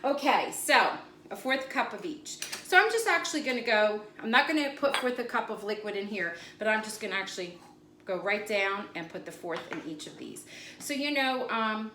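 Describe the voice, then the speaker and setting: A woman's voice: medium pitch, expressive, moderate pace, pushed and bright. A woman hosting a home cooking video, chatting casually and wandering into side stories as she demonstrates a recipe in her kitchen. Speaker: cooking channel host. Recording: echoey room with faint noise.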